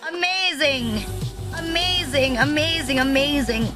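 A woman's voice: high-pitched, a little slow, loud music behind the voice. A woman streamer giving casual reaction commentary, blunt, swearing often and joking at her own expense. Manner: blunt, swears often, self-deprecating jokes. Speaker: VTuber streamer reacting to memes.

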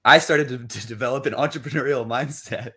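A young man guest in a casual interview, talking in an animated way, acting out inner voices and swearing casually. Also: mid-range voice, fast talker. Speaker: interview guest, money coach.

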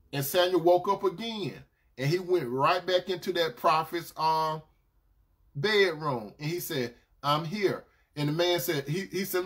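A man preaching a sermon, telling a Bible story in a relaxed, conversational way, with frequent "right?" asides to his listeners. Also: fairly high pitch, normal speed.

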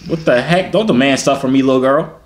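A man's voice: medium pitch, fairly quick. A man in his twenties making teasing, slangy small talk with strangers on a video chat app. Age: 20s. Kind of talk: casual flirty banter. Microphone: computer or phone mic, video call.

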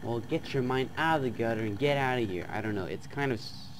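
A man playing a chat game on his channel, reading the messages aloud in a flat tone and breaking into loud, excited outbursts. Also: mid-range voice, fast talker, music in the background. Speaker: gaming YouTuber. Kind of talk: let's play commentary, reading chat aloud.

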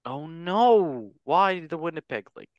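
A man hosting a casual, jokey football talk show, swinging between loud bits and quiet asides. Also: on the high side, animated, slow, no echo, lo-fi sound. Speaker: host. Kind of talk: casual comedic sports chat.

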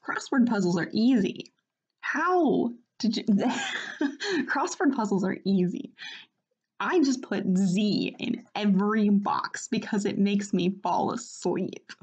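A woman's voice: medium pitch, expressive, takes it slowly, breathy edge, lo-fi sound. A woman doing a boastful, earnest skeleton. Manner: proud, theatrical, loud.

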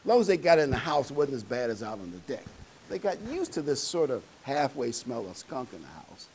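A man's voice: mid-range voice, big pitch swings, brisk, darkish tone, slight background noise, rough recording. A man preaching a sermon in a conversational, folksy way, with fillers and asides to the congregation.

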